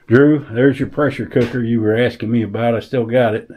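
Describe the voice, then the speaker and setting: A man's voice: medium pitch, fairly even intonation, brisk, dull audio. A man chatting casually in a folksy, easygoing way while he works outdoors on his rural property. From American South. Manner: easygoing, folksy, talks to animals. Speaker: vlogger. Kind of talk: casual vlog narration.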